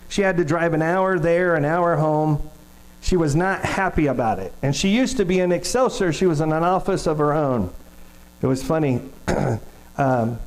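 A man's voice: fairly high pitch, darkish tone, low-quality recording. A middle-aged man preaching a sermon as pastor, telling stories in a conversational way and asking the congregation questions.

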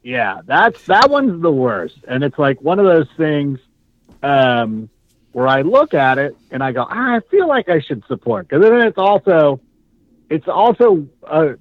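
A man's voice: a little high, a little slow. Chatty socal guy ranting about sports, voice jumps all over, kinda dull dry podcast sound. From Southern California. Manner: animated, rambling, mocks fans in put-on voices. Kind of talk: casual sports chat.

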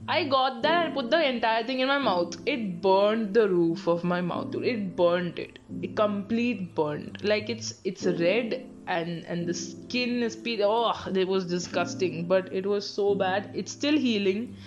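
A woman's voice: mid-range voice, measured pace, few pauses, dull audio. A young woman from Bangalore with an Indian English accent, hosting a casual solo podcast and telling stories with frequent laughs and swearing. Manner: laughing often, swearing, chatty storytelling. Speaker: podcast host.

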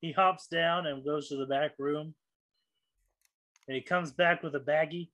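A man narrating as game master of a tabletop game in a relaxed, deadpan way. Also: a little high, unhurried, no room sound.

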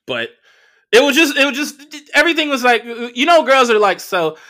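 On his casual solo podcast, a Los Angeles–accented man in his early thirties tells a rambling, profane, filler-heavy story. His extremely high voice has lively intonation, a sharp tone, and a slightly fast pace.

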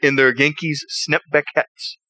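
A man's voice: on the high side, little pitch movement, unhurried, very noisy. A man hosting a podcast, telling crude stories with lots of swearing and laughter. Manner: profane, laughing storyteller. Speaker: podcast host. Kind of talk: crude casual chat. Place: south of the US.

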